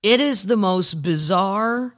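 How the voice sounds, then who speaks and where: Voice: medium pitch, animated, takes it slowly, fairly bright tone. A podcast host chatting casually and candidly with frequent swearing, reading news items aloud and adding asides. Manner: candid, profane, rambling. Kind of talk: casual chat.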